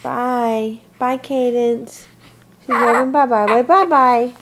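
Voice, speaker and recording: A mother filming her newborn at home and talking to her in gentle, sing-song baby talk. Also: fairly high pitch, fairly even intonation, slow, background noise. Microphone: handheld camcorder.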